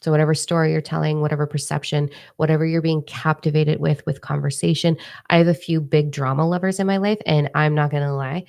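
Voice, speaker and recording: A woman's voice: low-pitched, level tone, quick pace, vocal fry, few pauses, darkish tone. A woman hosting a casual spiritual live chat, candid and swearing freely as she acts out her own reactions, speaking into a microphone. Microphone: microphone in front of her face.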